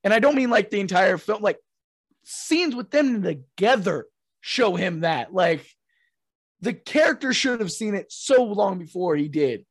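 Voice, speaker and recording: Fired-up podcast dude, kinda high voice, cusses a lot, dry close mic. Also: male voice, measured pace, husky, no echo. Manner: excitable, swears a lot, acts out quotes in big voices. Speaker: podcast co-host. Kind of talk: casual chat.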